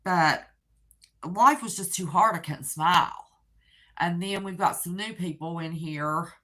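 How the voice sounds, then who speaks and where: An older woman speaks in a low voice. She rambles to her viewers in a casual, heartfelt way, with soft laughs now and then. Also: unhurried. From West Virginia. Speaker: channel host.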